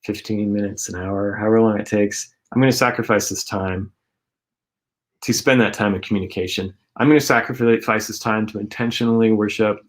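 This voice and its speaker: Male co-host, lowish voice, earnest and rambling faith talk. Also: steady tone, fairly quick. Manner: earnest, rambling, filler-heavy.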